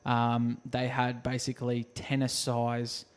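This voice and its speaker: A man's voice: medium pitch, completely flat delivery, slow, smooth. A man co-hosting a podcast, telling stories in a jokey way and acting out quotes with sound effects. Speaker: podcast co-host. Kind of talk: casual storytelling chat.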